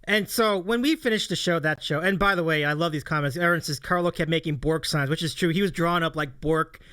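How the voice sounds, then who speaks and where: A man's voice: fairly high pitch, a little fast, pushed and bright, clean tone. A man hosting a casual livestream talk show, telling a story in a rambling way and laughing often. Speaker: host.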